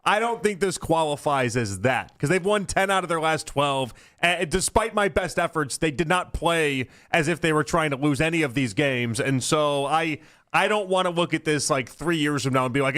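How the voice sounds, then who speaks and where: An American man co-hosting a sports radio show in a studio, teasing his partners in animated banter. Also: on the high side, normal speed.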